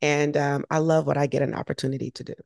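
Lively low-pitched woman, gravelly edge. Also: fast talker, no room sound, clean studio sound. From United States. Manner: energetic, animated storytelling. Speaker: triathlete and race announcer. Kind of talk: interview guest telling a story.

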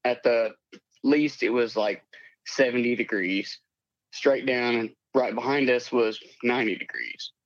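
A man's voice: mid-range voice, a little slow, dry recording. A man in his late twenties calling in to tell a rambling, plainspoken story of a strange encounter. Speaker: caller. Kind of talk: telling a personal encounter story. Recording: dull, lo-fi call audio.

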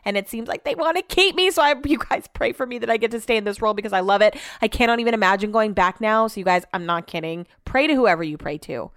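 A rambling woman hosts her own podcast on a close mic, swearing freely as she chats. She sounds sore and worn out, and her voice is dry and direct with no room around it. Her pitch sits in the middle. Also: fast, few pauses, fairly bright tone, no echo. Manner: rambling, chatty and profane. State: sore and tired. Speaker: podcast host and radio host. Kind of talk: casual solo podcast monologue.

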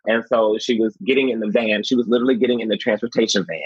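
A male actor talking in an interview, expressive and animated, laughing often and acting out quotes. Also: medium pitch, fast, few pauses, husky, no room sound. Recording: slightly muffled, dry.

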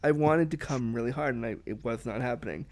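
A man's voice: medium pitch, fast talker, darkish tone. A man hosting a podcast, chatting casually and animatedly with frequent fillers and restarts. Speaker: podcast host. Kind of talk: casual chat.

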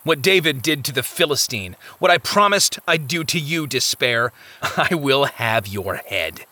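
A man's voice: medium pitch, lively intonation, unhurried, bright, forceful tone, no room sound. A man voicing a bold, steadfast male pilgrim hero who speaks firmly. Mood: resolute. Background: music.

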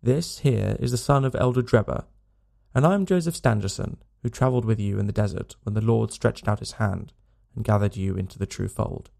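A man playing a pious, boastful young suitor in a storybook reading, with a gravelly voice. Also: fairly low pitch, brisk, a little mellow. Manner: sanctimonious, self-assured.

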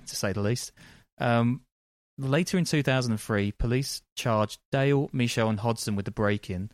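A man's voice: on the low side, no echo, studio quality. A male podcast host telling a crime story in casual chat, with lots of ums and frequent laughs.

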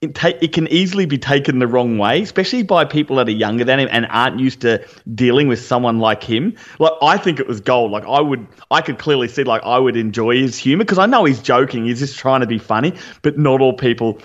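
A man's voice: medium pitch, brisk, hardly any pauses, lo-fi sound. An Australian man co-hosting a podcast, chatting enthusiastically about a reality show and often restarting his sentences. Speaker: podcast co-host. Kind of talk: casual reality-show recap chat.

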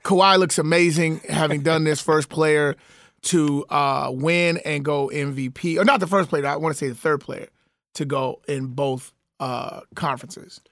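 A man with a fairly high voice argues his case in a casual sports debate, emphatic and quick. The sound is dry and close. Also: fairly even intonation, a bit bright, dry recording. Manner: emphatic, argumentative, fast-talking. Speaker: sports talk co-host.

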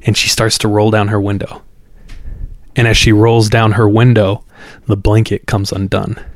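Brief: casual male podcast storyteller, lowish voice, relaxed and rambling. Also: moderate pace, dry recording, clean studio sound. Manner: loose and conversational, repeats words, fillers. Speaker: podcast host.

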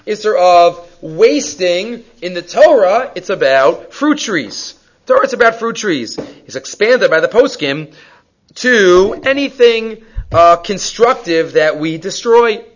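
Animated man teaching a Torah class. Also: high-pitched, takes it slowly. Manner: animated storytelling, rhetorical questions; mixes Hebrew and Yiddish terms into English. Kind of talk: weekly Torah portion class. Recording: dull lo-fi recording.

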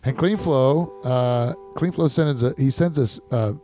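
A man's voice: mid-range voice, unhurried, dark tone, soft background music. A middle-aged man hosting a casual podcast, rambling and swearing in mock rants. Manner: rambling, profane, mock-ranting. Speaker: podcast host.

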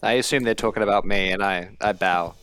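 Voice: low-pitched, fairly quick, fairly bright tone, soft background music. A tabletop game player with a teasing, wry way of talking.

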